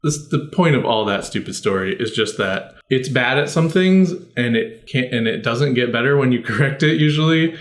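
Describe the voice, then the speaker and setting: A man co-hosts a casual chat podcast, rambling through a nerdy story and correcting himself as he goes. His voice sits at an ordinary pitch for a man and carries a roomy echo. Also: expressive, normal speed, few pauses. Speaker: podcast co-host.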